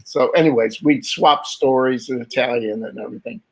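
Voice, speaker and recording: An older man being interviewed, telling stories in a lively way, acting out the voices of the people in them and laughing often. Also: mid-range voice, moderate pace, creaky, rough recording. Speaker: guest artist. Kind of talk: conversational interview storytelling.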